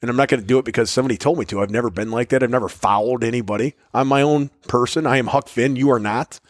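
A man's voice: mid-range voice, fast, no echo, studio quality. A middle-aged man co-hosting a podcast in casual chat, blunt and defiant, swearing freely. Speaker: podcast co-host.

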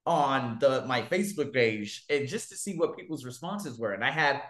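A man telling stories to his viewers in a casual monologue, swearing freely and swinging widely in pitch and loudness. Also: normal speed. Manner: profane, animated, big swings in pitch and loudness. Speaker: vlogger. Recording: echoey room.

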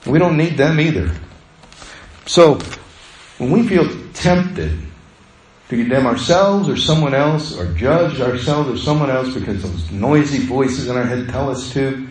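A man's voice: mid-range voice, darkish tone, roomy sound, low-quality recording. A male pastor preaching a sermon in a conversational way, acting out the voices he quotes.

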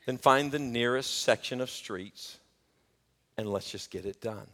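Pastor preaching in a reverberant church. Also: male voice, mid-range voice, measured pace. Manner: preaching with shouted peaks and joking asides. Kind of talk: sermon. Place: church sanctuary. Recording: long church hall reverb.

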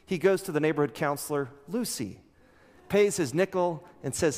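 A man preaching from the pulpit, retelling a story with lively, acted-out lines. His voice sits a little high for a man. The sound carries a long reverb from the large church around him. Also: normal speed. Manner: animated storytelling, acts out characters' lines. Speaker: pastor. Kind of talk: sermon. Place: church sanctuary.

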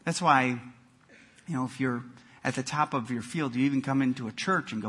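A man preaching a sermon, telling jokes and stories with animated emphasis and frequent repeated words. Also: mid-range voice, fairly quick, slightly rough. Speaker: pastor.

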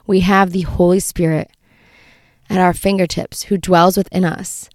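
A young adult woman, a mother, sharing an earnest faith reflection and reading scripture aloud, often halting and repeating words as she searches for phrasing. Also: fairly low pitch, flat delivery, a little mellow, no echo, studio quality.

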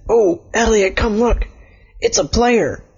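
A man doing Zombie Oliver, a high eager zombie. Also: sing-song, moderate pace, breathy edge, heavily acted. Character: friendly eager zombie boy. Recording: dull lo-fi recording.

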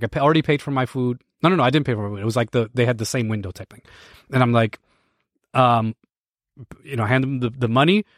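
An American man near forty tells a story with lots of animation, restarting sentences and laughing between thoughts. His voice sits at a medium pitch. It is recorded on a close mic in a dry space with no room echo. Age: 30s. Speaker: podcast host. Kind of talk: casual storytelling to a live stream audience.

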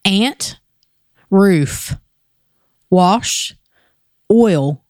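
Woman, podcast host, slow drawl, casual chat, dry close sound. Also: medium pitch, animated, darkish tone, no echo. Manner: slow, drawling, swears and laughs often.

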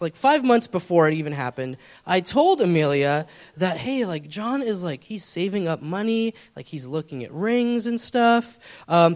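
A young man preaching, telling a personal story in a casual, rambling way with many fillers. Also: sits high. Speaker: pastor. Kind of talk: storytelling sermon.

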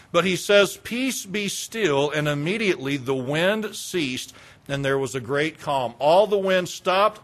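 A man preaching a sermon, retelling a story dramatically with repetition and swinging between loud passion and hushed quiet. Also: on the high side. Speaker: pastor.

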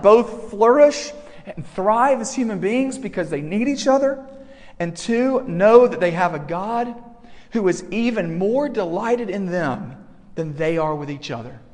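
A man's voice: high voice, in a large hall. A middle-aged man preaching a sermon to students as a campus pastor, talking earnestly and building to emphatic points.

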